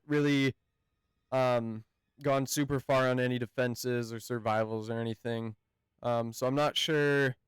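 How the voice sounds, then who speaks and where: Male game reviewer, mid-pitched, very smooth and resonant tone, hesitant and halting delivery, close dry mic. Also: dry recording. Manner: hesitant, halting, often searching for words. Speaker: gaming channel host. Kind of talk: casual game review talk.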